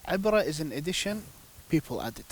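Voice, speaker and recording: A man's voice: a little high, big pitch swings, fairly quick. A man speaking as a guest on a religious panel, telling devotional stories emphatically with rhetorical questions. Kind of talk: religious discussion, storytelling.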